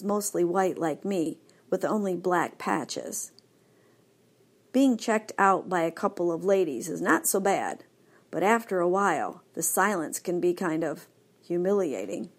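Lively woman reading a children's story. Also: fairly low pitch. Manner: lively, expressive. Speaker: audiobook narrator. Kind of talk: scripted storybook narration.

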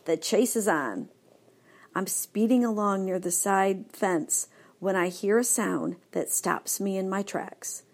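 A woman narrating a children's story in first person, lively and expressive. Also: medium pitch, slow. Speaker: audiobook narrator.

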